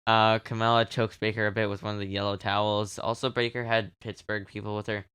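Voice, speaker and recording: A man's voice: on the low side, little pitch movement, brisk, fairly bright tone, smooth, no room sound. A man co-hosting a wrestling podcast, chatting casually in a rambling, joking way and laughing easily. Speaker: podcast co-host. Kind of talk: casual wrestling recap chat.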